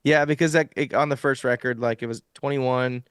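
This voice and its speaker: Brisk and smooth, a young adult man's mid-range voice comes through in studio quality with no echo. He's a guest musician in a casual interview, relaxed and long-winded in his explanations, using lots of fillers.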